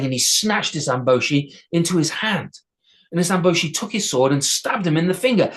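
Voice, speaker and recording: A man's voice: on the high side, expressive, moderate pace. A male storyteller telling a folktale aloud, unscripted, with restarts and repeated words.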